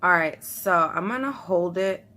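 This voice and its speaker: A woman's voice: lowish voice, expressive, a little slow, bright, forceful tone. Chatty young woman, nervous and laughing. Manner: chatty, nervous, laughs often, talks to viewers as y'all. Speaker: vlogger. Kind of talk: casual beauty vlog chat.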